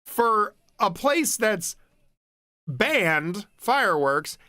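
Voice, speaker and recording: A man's voice: sits high, very animated, very slow, bright, forceful tone, dry recording, clean studio sound. A young man streaming from home, chatting casually, rambling with restarts, swearing and laughing easily. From United States. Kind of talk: casual chat reading stream comments.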